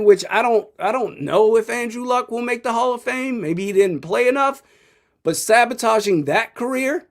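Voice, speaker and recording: A young man in his twenties commenting live on a football game, blunt and opinionated, chuckling often. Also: high-pitched. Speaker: sports streamer.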